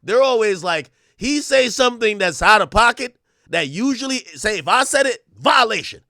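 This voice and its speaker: A male streamer riffing to his chat in loose, slang-heavy commentary, laughing as he goes. His voice swings widely and sits a little high, and the close microphone sounds completely dry. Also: normal speed, dry recording. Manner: excitable, slangy, laughs often. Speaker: streamer reacting to clips. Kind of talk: animated casual commentary to chat.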